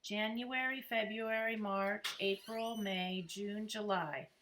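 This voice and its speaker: A woman reading aloud, voicing an excitable, chatty four-year-old boy in a sing-song manner. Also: takes it slowly, slight background noise. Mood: eager. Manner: squeaky, sing-song, mimics cartoon voices.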